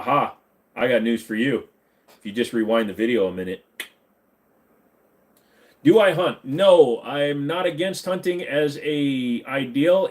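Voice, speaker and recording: Dude at his home computer doing a livestream q&a, reads chat out loud and answers, rambly and jokey, average pitch. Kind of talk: casual livestream Q&A.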